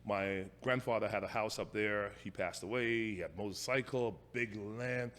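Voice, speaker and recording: A man in his forties from Jamaica with a Jamaican accent, telling stories about his youth in a casual interview, halting and restarting his sentences. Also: lowish voice, fairly bright tone, long reverb tail. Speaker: guest.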